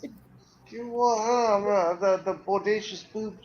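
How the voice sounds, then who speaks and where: A man's voice: sits high, steady tone, slow pace, highs cut off, slight background noise. A man with an Irish accent, co-hosting a casual watch-along chat full of crude, teasing banter. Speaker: podcast co-host.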